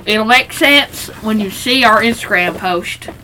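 A woman's voice: fairly high pitch, measured pace, sharp tone. A young woman co-hosting a casual podcast, giggly and often laughing as she talks, on a noisy recording. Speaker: podcast co-host. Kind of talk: casual chat.

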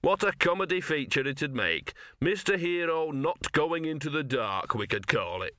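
A man's voice: a little high, expressive, normal speed, bright, forceful tone, no echo, voice pushed up. A man doing a grumbling scruffy old dog. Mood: sardonic. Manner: grumbling, gruff, sardonic.

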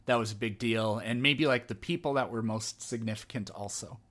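A man's voice: medium pitch, moderate pace, a bit bright. A man hosting a casual podcast conversation, reflective and thinking aloud as he talks. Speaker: podcast host.

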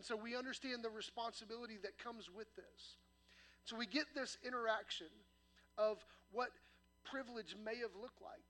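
High bright-voiced pastor preaching. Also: male voice. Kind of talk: sermon. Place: church sanctuary.

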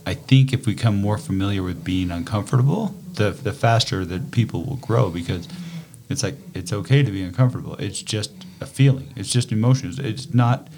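A middle-aged man with a fairly low voice talks in a loose podcast conversation. He tells stories and slips into acted-out quotes, leaning on plenty of fillers along the way. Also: a little fast, a little hiss or hum. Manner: animated storyteller, acts out quotes, many fillers. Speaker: podcast co-host, father. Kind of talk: casual conversation.

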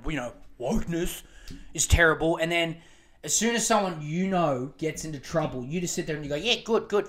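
A man's voice: high-pitched, a bit bright. A man hosting a podcast. He rants with heavy swearing and sarcasm. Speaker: podcast host. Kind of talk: profane ranting commentary.

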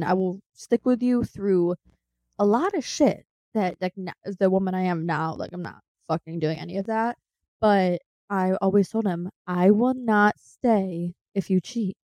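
A young woman talks in a blunt, profane, rambling way, stacking fillers as she tells a story to her co-host. Her voice sits at an ordinary middle pitch. The sound is dry and close, with little room in it. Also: mellow, dry recording. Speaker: podcast co-host. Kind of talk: casual podcast chat.

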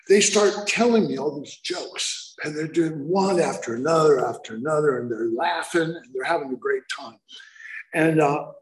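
Slow halting man in an echoey room. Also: on the high side. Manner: slow, halting storytelling with many fillers; wry, self-deprecating humor. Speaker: speaker sharing recovery story. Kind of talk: personal testimony at a recovery meeting. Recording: roomy, echoey recording.

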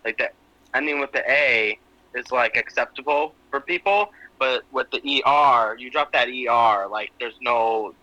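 A man's voice: medium pitch, a little slow, pushed and bright, dry recording, lo-fi sound. A man in his twenties co-hosting a casual podcast over a video call with headphones, making joking asides. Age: 20s. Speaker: podcast co-host. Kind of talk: casual chat.

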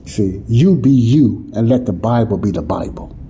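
A man preaches with a very dark, mellow voice, loose and conversational. He keeps checking in with his listeners and repeats his points. A faint hum sits behind him. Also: on the low side, expressive, moderate pace, lo-fi sound. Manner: repetitive, keeps asking "you see what I'm saying?"; conversational, folksy grammar. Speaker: Bible teacher. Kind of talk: informal sermon teaching.

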